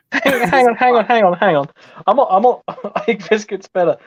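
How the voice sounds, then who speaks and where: A man's voice: high-pitched, expressive, moderate pace, husky. A man laughing often while chatting on a call. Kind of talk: casual chat on a call. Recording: lo-fi call audio.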